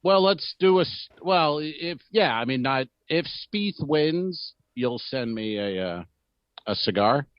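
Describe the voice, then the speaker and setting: A man co-hosting a comedy podcast, chatting casually in a rambling way with quick asides. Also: on the high side, animated, no room sound, dull audio. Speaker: podcast co-host.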